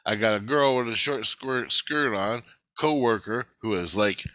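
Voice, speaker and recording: A man rambles through a story in loose, profane everyday talk. His voice is bright and forceful, and the recording is dry, close and without room echo. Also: on the low side, a little slow. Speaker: vlogger recounting a dream.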